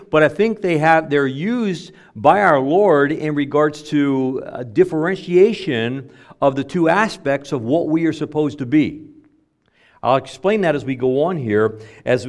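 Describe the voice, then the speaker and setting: Animated man preaching with slow stresses. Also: a little high. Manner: conversational preaching with stresses and slowed words. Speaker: pastor. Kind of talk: sermon.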